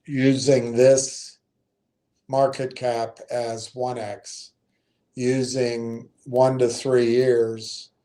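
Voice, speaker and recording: Male stream host, casual investing talk, mellow low-key tone, slow and hesitant, plenty of ums. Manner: unhurried, thinking aloud with frequent ums and self-corrections.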